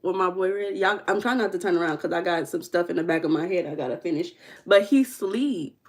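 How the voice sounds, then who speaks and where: A woman's voice: lowish voice, brisk. Chatty Midwestern woman hosting a livestream. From Midwest, United States. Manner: chatty, playful, teasing, calls out names from the chat. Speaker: live stream host. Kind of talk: casual livestream chat, reading the chat aloud. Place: home room.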